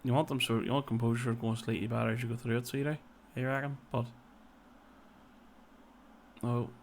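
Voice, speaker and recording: Casting: man, mid-pitched, chatty let's-play commentary, thinking out loud. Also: flat delivery, a little fast, a little hiss or hum. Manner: chatty, thinks aloud, tags lines with "so it did" and "like". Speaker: video game player and commentator. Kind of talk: casual gaming commentary.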